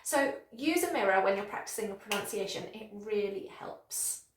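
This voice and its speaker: A woman English teacher giving a pronunciation lesson, modelling words slowly and clearly and praising the learner. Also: medium pitch, lively intonation, roomy sound, slight background noise. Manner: slow, exaggerated modelling of words with encouraging praise.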